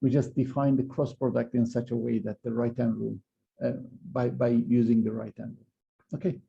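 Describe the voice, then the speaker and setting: Male physics lecturer, gravelly and very dark tone, hesitant delivery, muffled lo-fi recording. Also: medium pitch, little pitch movement, moderate pace. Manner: hesitant, many fillers and restarts. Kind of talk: university lecture.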